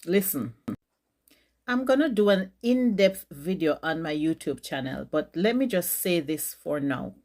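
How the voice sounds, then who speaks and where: A woman's voice: fairly low pitch, expressive, measured pace, darkish tone. A woman firmly rebutting another creator in a reaction commentary. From Jamaica. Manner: firm, argumentative, rebutting.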